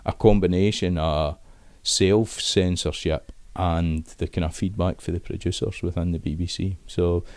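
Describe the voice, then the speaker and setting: A man's voice: low voice, steady tone, moderate pace, a little mellow, dry recording. A middle-aged Scottish man talking casually in an interview, thinking aloud with frequent restarts. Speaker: interview guest. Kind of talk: conversational interview.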